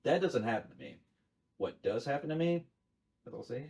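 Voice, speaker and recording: Gravelly, lively-voiced liquor store guest. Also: male voice, mid-range voice, moderate pace. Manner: storytelling, restarts, acts out customers. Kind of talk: casual chat.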